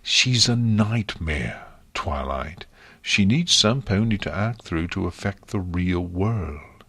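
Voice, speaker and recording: A man's voice: deep voice, animated, slow pace, fairly bright tone, husky, no room sound, exaggerated voice. A man reading an audiobook, voicing a stern, bitter pony princess of the night who speaks harshly and curtly. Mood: grim.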